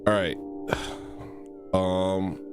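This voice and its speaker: A man with a fairly low voice rambles through a comedic livestream, slow and drawn-out. He clowns and mocks himself, breaking into sudden high squeals. Clear music plays behind him. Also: flat delivery. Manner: silly, self-mocking, with sudden high squeals and laughs. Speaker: livestream host.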